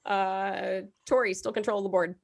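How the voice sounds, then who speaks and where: Woman host of an online quiz show, mid-pitched, casual and laughing, video-call sound. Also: fairly even intonation, unhurried, gravelly. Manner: laughs often, swears freely.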